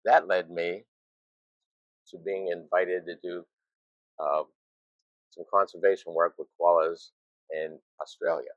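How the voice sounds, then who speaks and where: An older man in his sixties with a very low voice, telling rambling stories from his career in a relaxed interview. He chuckles at himself as he goes. The sound is dry and a little dull. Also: no echo. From United States. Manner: rambling anecdotes with self-deprecating chuckles. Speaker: retired zookeeper, guest. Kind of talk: casual storytelling interview.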